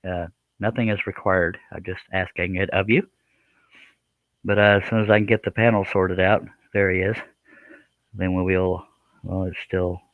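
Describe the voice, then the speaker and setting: A man's voice: deep voice, little pitch movement, normal speed, pauses often, dry recording, narrow, tinny audio. A man hosting a live stream, chatting casually in a joking, rambling, self-deprecating way. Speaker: live stream host, scroll saw artist.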